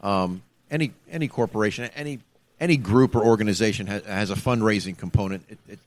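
A man's voice: fairly low pitch, quick pace. A man, a former state trooper, telling a story in casual chat and acting out the voices of the people in it. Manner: animated storyteller, acts out the people he quotes.

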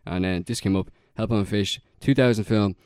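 A young man in a loose podcast chat, his voice sitting low and recorded dry and close. He rambles through a story, stacking fillers and breaking into laughs. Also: steady tone, moderate pace, darkish tone, no room sound. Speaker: podcast co-host. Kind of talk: casual chat.

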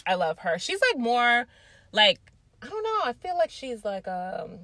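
A young adult woman telling a casual, animated storytime, swearing freely and using lots of fillers. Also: a little high, unhurried, dry recording. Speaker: vlogger.

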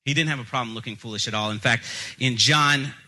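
A man's voice: mid-range voice, fast talker, sharp tone, low-quality recording. A young adult male pastor preaching a sermon, telling jokey, self-deprecating stories from his childhood.

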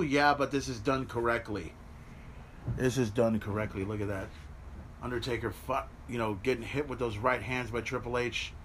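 A man hosting a podcast, giving excited watch-along commentary on a replay, swearing freely and yelling at the big moments. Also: mid-range voice, a little hiss or hum. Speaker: podcast host. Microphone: podcast mic.

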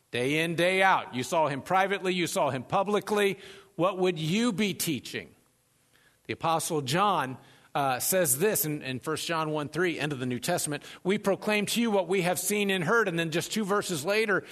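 A man preaching a sermon as pastor, animated and conversational, joking and acting out the voices of people in his stories. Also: sits high, normal speed. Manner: animated, conversational, jokes and acts out quotes.

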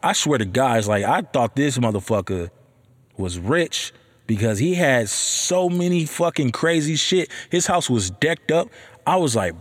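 A man hosting a podcast, telling a story about being a father in a casual chat, profane and heated, ranting with animated energy. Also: mid-range voice, measured pace, slightly rough. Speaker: podcast host.

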